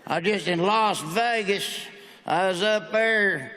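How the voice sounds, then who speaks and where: A man's voice: sits high, slow, pushed and bright. A man with a Southern American accent doing a stand-up comedy set, delivering folksy punchlines in a drawl. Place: large hall on stage. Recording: stage mic in a big reverberant hall.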